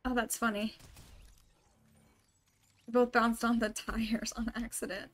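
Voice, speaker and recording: A woman's voice: a little high, steady tone, slow, long pauses, a bit bright. A young woman streamer chatting casually and thinking aloud while she plays a game, with lots of "like" and "um" as she talks. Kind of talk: casual live gameplay commentary.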